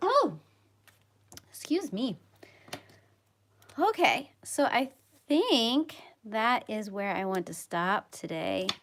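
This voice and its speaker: A slow, unhurried woman chats casually at her desk mic while coloring on a livestream. She talks softly and slips into whispers now and then. Her voice is a bit worn, as she is losing it. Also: fairly high pitch. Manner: soft-spoken, drifting into whispers. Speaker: livestream host.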